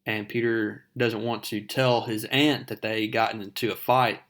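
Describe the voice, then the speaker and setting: A man's voice: fairly low pitch, little pitch movement, moderate pace, a bit bright. A man casually retelling a comic book issue panel by panel, talking to his viewers as folks. His delivery is loose and chatty, full of fillers. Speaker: comic book recap narrator. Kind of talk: casual comic recap narration.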